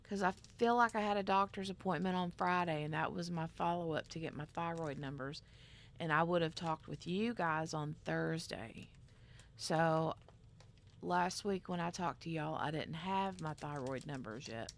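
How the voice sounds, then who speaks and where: A woman's voice: deep voice, normal speed. A woman hosting a casual craft livestream, chatting in a rambling way and reading out viewer comments. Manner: rambling, chatty, reads chat aloud. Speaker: craft channel host.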